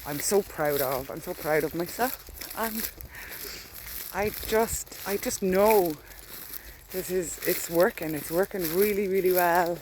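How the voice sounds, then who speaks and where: An Irish woman with a lowish, unhurried voice vlogs while walking her dog across a field, faint rural air and background noise behind her. Chatty and candid, she rambles as she walks, like a casual diary entry.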